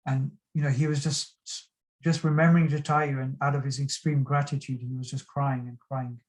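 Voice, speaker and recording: A man giving a devotional talk, earnestly retelling a sacred story with frequent pauses. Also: medium pitch, level tone, rough recording. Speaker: devotional speaker.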